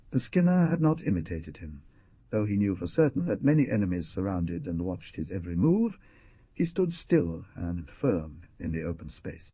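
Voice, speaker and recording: A man narrating an adventure audiobook in an expressive storytelling manner. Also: fairly low pitch, husky, no echo. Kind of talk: scripted narration. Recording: dull dry lo-fi.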